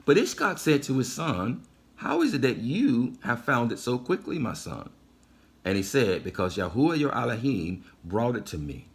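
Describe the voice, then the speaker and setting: A man delivering a sermon, reading scripture in measured phrases before stepping out of the text to teach. His pitch rises and falls in an animated way, and he repeats key phrases to drive a point home. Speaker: preacher.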